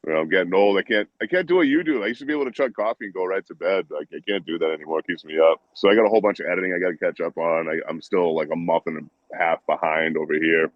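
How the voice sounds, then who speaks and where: A man's voice: deep voice, rapid-fire, hardly any pauses, no room sound, lo-fi sound. A man who is a guest and streamer, chatting casually in a joking, easygoing way. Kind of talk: casual livestream chat.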